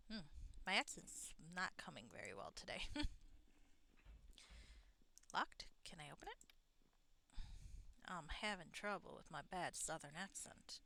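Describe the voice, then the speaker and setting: A woman's voice: on the low side, big pitch swings, measured pace, creaky, pauses often, sharp tone. A woman giving casual, wry commentary while playing a computer role-playing game, thinking aloud as she goes. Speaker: streamer. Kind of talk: casual let's-play commentary. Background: game music.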